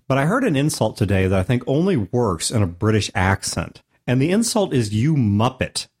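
An American man with a sore throat hosting a solo podcast, joking with big swings in pitch. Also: sing-song, fairly quick, darkish tone, husky. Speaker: podcast host.

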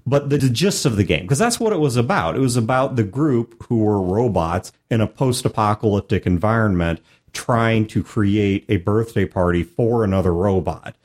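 Low-voiced man hosting a podcast. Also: lively intonation, moderate pace, darkish tone. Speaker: podcast host. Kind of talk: casual podcast chat.

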